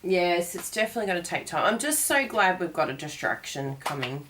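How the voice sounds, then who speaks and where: A woman's voice: fairly low pitch, sing-song, fairly quick, background noise. A woman hosting a cardmaking tutorial, chatting casually and digressing as she crafts.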